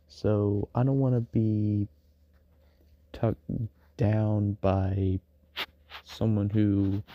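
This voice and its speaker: Rambling man, low voice, muffled. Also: mellow, no echo. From United States. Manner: rambling, many fillers and restarts. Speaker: streamer. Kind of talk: casual late-night stream monologue.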